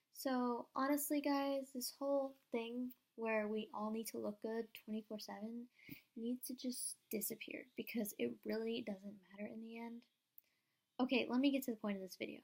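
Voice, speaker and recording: Bright, hyped-up young woman vlogging. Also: a little high. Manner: excitable, rambling, fast-talking with many "like" fillers. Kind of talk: hyped-up casual vlog. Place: at home. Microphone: camera.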